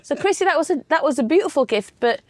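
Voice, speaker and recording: Female co-host, chatty storyteller, slightly high, dry close sound. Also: animated, fast, dry recording. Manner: chatty, reads out viewers' stories. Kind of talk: casual chat.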